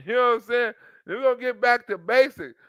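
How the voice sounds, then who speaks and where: A man's voice: very high voice, moderate pace, pushed and bright, clean tone, no room sound. A man in a casual, profane commentary rant, rambling, laughing often and repeating his fillers. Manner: laughs often, rambling, repeats "you know what I'm saying". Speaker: commentary vlogger.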